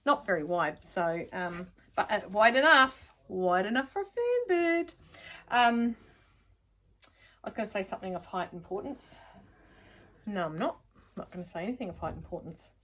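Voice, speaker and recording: A woman's voice: mid-range voice, very animated, normal speed, long pauses, fairly bright tone. Middle-aged woman, New Zealand accent, chatty and rambling, jokes at herself, talks to camera. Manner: chatty, rambling, self-mocking. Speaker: sewing vlogger. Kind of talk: casual chat to camera.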